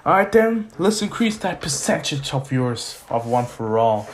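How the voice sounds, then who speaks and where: A man voicing a gruff tiny old male hero mentor who bluntly calls everyone kid, in a retold fan story. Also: mid-range voice, sing-song, a little slow, noisy background. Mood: stern.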